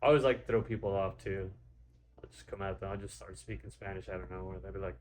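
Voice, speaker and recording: A man's voice: sits low, fairly even intonation, fast, a little mellow, slight background noise. A man hosting a podcast interview in casual chat, easygoing and encouraging, laughing along with his guest. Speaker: podcast host.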